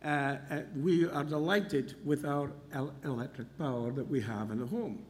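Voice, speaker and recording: A man voicing a little old Welsh lady, soft and apologetic, in a sermon story. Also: medium pitch, normal speed, long reverb tail, a little hiss or hum, close to an everyday voice. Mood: gentle.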